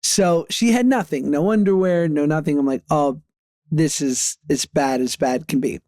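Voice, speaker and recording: A man's voice: fairly high pitch, moderate pace, a little mellow, dry recording, clean studio sound. A man in his thirties telling casual anecdotes on a podcast, often laughing through his stories. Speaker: podcast co-host. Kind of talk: casual chat.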